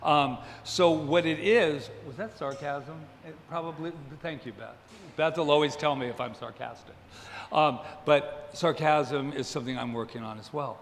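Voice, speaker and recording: In a church hall, a man who leads a spiritual center makes casual announcements with joking, self-deprecating humor. His voice is on the high side and moves at normal speed, with slight background noise and an echoey room with faint ambience.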